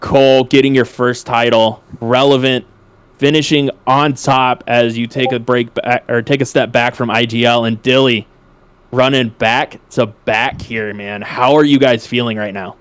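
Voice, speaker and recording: A man interviews a winning team after a final, his level voice sitting in the middle range. He stretches out his words for emphasis and sounds excited. The sound is close and dry, with no room around it. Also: mid-range voice, clear, resonant tone, no echo. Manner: excited, drawn-out emphatic phrasing. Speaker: esports caster interviewing winners. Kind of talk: post-match interview.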